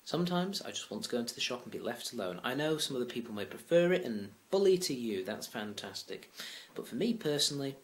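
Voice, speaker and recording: A man's voice: medium pitch, very animated, quick pace. A man, venting in a rambling, self-deprecating casual monologue to his vlog viewers. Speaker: vlogger.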